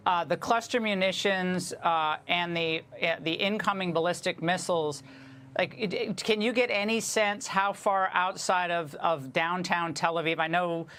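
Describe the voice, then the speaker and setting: A woman's voice: fairly low pitch, fairly even intonation, normal speed, fairly bright tone, slight background noise. A woman anchoring the news, asking a reporter questions with some hesitation. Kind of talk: live news interview.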